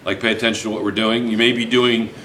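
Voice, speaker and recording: A man's voice: lowish voice, flat delivery, fast talker, a bit bright, recorded from a distance, slight background noise. A male chemistry teacher lecturing a class, repeating questions and calling on students by name. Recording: echoey classroom.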